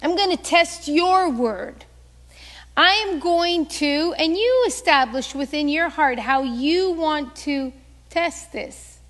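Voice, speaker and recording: Woman, pastor, sermon, high voice, lively storytelling, long hall reverb. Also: takes it slowly. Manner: animated storytelling, acting out quoted voices.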